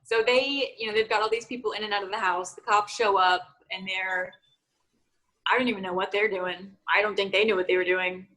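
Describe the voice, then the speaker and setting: A woman's voice: mid-range voice, steady tone, brisk, bright, forceful tone, rough recording. A young woman co-hosting a true-crime podcast, chatting casually, laughing often and trailing off mid-thought. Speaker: podcast co-host.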